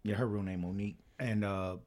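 A man's voice: lowish voice, fairly even intonation, fairly quick, darkish tone. A young man co-hosting a podcast in casual chat, rambling with stammered restarts and plenty of slang and cursing. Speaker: podcast co-host.

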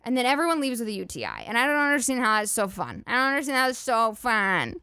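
A woman's voice: a little high, sing-song, quick pace, pushed and bright, clean tone, dry recording. A woman hosting a solo comedy podcast, rambling and swearing freely with lots of "like" fillers. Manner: profane, rambling, filler-heavy "like" talk. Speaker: podcast host.

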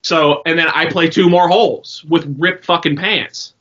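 Rambling young guy, bright voice. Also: fairly high pitch, a little slow. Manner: rambling, swearing, animated storytelling. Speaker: podcast co-host. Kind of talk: casual chat. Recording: dull lo-fi sound.

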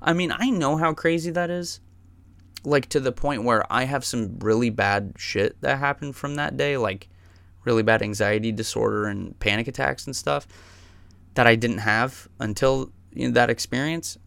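Gravelly man telling a wild story. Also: medium pitch, fairly bright tone, no echo. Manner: profane, emphatic, says "dude" and "man" a lot. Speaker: podcast host. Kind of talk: casual storytelling monologue.

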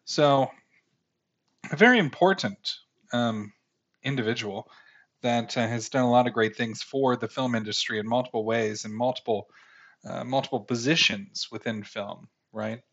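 A man's voice: medium pitch, moderate pace, fairly bright tone, dull audio. A man in his thirties hosting a casual film review podcast, rambling with many fillers and mocking critics' language. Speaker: podcast host.

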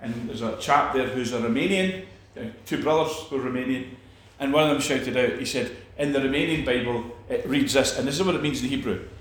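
A man's voice: mid-range voice, a little fast, few pauses. Emphatic man preaching in an echoey room. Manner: emphatic, repeats phrases and restarts. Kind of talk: sermon.

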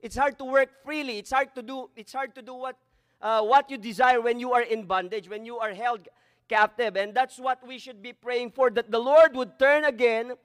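A man's voice: very high voice, fairly even intonation, normal speed, a bit bright. A man preaching a sermon as pastor, slipping Tagalog phrases into his English. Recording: echoey hall.

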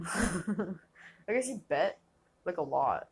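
A woman's voice: lowish voice, animated, drawn-out words, slightly rough. A young woman hosting a casual solo podcast, rambling and laughing often, filling her talk with "like". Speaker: podcast host.

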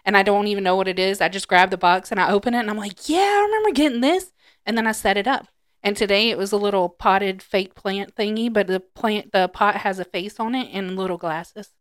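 A woman's voice: mid-range voice, steady tone, brisk, fairly bright tone, smooth, dry recording, clean studio sound. A woman co-hosting a podcast in casual chat, chatty and playful.

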